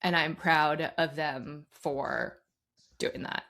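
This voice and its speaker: A woman's voice: low-pitched, fairly even intonation, slow pace, fairly bright tone. A woman co-hosting a sports podcast, talking casually with lots of fillers. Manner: chatty, many "like" fillers. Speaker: podcast co-host.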